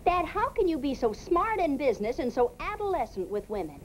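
An actress playing a quick-witted young woman who teases her father in a sarcastic 1950s sitcom style. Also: high-pitched, very animated, a little hiss or hum, low-quality recording. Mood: mocking. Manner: teasing, sarcastic. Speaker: daughter in a sitcom.

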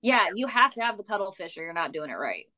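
A woman podcast guest chatting casually, excitable and blunt, swearing freely. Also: medium pitch, fast. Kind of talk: casual chat.

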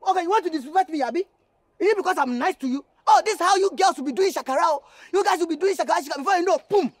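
A loud mocking young suitor, high-pitched, nigerian accent, teasing. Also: male voice, racing, dry recording. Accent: Nigerian English. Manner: teasing, loud, laughing, insulting. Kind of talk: film acting.

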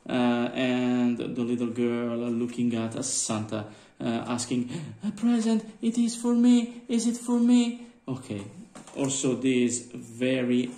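A man, chatting casually in a collector vlog, halting with many fillers and calling his viewers guys. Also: mid-range voice, darkish tone. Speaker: vlogger. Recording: roomy with faint background noise.

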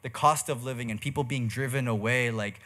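A man's voice: mid-range voice, brisk, sharp tone. A young man preaching a sermon in church, telling a personal story in a casual, chatty way full of slang and fillers. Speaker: pastor.

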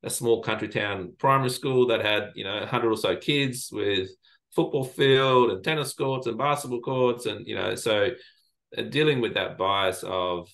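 A man's voice: lowish voice, normal speed, vocal fry, fairly bright tone. A man from Lebanon, a guest in an interview, telling stories in a reflective way with many fillers and restarts. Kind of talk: casual interview storytelling.

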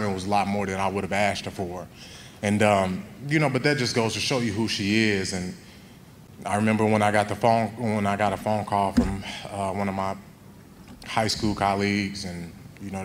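A young man speaking at a memorial in a high school gym, telling heartfelt stories and acting out quoted voices. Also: a little hiss or hum. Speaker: eulogy speaker. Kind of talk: memorial speech.

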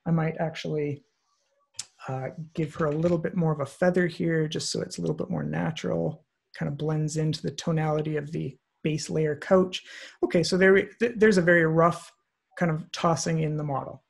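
A man walking through a photo compositing tutorial on screen, relaxed and thinking aloud with many fillers. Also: a little high, normal speed, gravelly, husky. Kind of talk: screen-share software tutorial. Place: online presentation, recorded at his computer.

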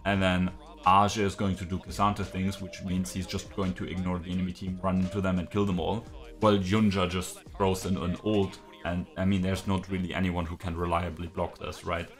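A man's voice: low-pitched, level tone, moderate pace, soft background music. A man reacting live to an esports match, frustrated, swearing, ranting with lots of fillers. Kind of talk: live game reaction commentary.

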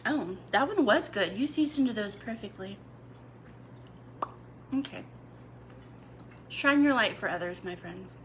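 A woman's voice: medium pitch, lively intonation, unhurried, long pauses, slight background noise. A young adult woman hosting a cooking video, chatting casually to her viewers with playful asides. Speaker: cooking channel host. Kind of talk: casual live video chat.

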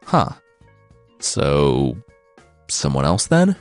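A man's voice: very deep voice, wildly swooping pitch, very slow, no room sound, soft background music, voice pushed down, heavily acted. Man doing a clueless young hero. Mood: uneasy.

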